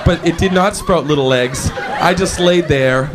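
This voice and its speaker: A man performing stand-up comedy, animated and loud, acting out scenes on a stage before a large audience. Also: a little high, a little slow. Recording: live show with crowd laughter.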